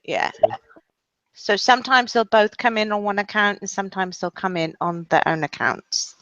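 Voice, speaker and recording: Female guest, mid pitch, insistent explainer; dry, lo-fi call audio. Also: moderate pace, a bit bright, no room sound. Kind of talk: casual call-in chat. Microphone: computer mic on a video call.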